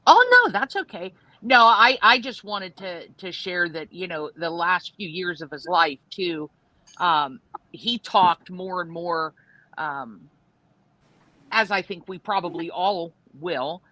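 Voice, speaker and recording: A guest sharing memories in casual chat, earnest and hesitant with many pauses. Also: mid-range voice, animated, bright, forceful tone, rough recording.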